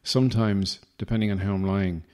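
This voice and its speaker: A man's voice: low-pitched, fairly even intonation, brisk, dark tone. An Irish man hosting a podcast, delivering a rambling, self-deprecating comic monologue with a wry manner. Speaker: podcast host.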